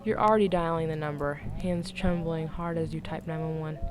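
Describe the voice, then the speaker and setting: A woman's voice: deep voice, fairly even intonation, normal speed, music in the background. A young woman casually reading a romance story aloud without editing, stumbling over words and breaking off into jokey asides. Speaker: story reader. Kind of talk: casual read-aloud of fan fiction.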